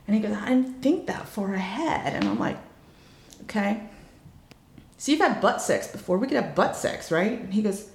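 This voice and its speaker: Gravelly frank woman telling a story, acts out the lines, echoey room. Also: sing-song, moderate pace, slight background noise. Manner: blunt, frank, acts out quoted lines with pitch jumps. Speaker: guest telling a personal story. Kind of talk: candid storytelling chat.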